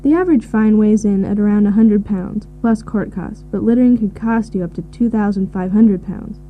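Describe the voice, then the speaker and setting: Woman on tinny lo-fi audio. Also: medium pitch. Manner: measured, informative. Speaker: expert answering questions. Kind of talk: scripted listening recording. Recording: tinny phone-like audio with faint hiss.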